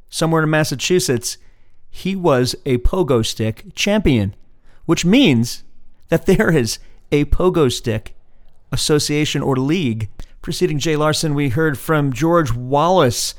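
Brief: male podcast host, a bit higher voice, easygoing back-announcing, dry studio sound. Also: measured pace, no room sound. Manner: relaxed, conversational back-announcing. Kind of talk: casual spoken introductions between clips.

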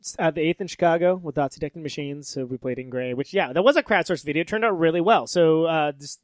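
A man's voice: fairly high pitch, fast, no room sound. A man co-hosting a podcast, chatting loosely and explaining upcoming shows. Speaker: podcast co-host, band member. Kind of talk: casual banter.

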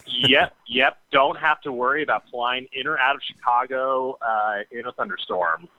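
A man calling in to a talk show, chatting casually and hesitating with lots of filler pauses. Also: medium pitch, fairly even intonation, pushed and bright, no echo. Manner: halting, many filler pauses. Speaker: caller. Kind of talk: casual chat on a call-in show. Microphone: phone. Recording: tinny phone line.

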